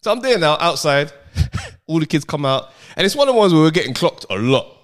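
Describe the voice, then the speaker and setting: A man co-hosting a podcast, telling a story in an animated, laughing, slang-heavy way. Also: a little high, a little fast. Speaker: podcast co-host. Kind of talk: casual storytelling chat.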